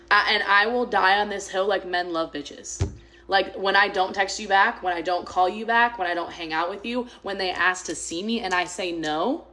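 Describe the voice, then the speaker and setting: A woman's voice: medium pitch, sharp tone. A young woman telling a dating story to camera in a blunt, profane, emphatic rant.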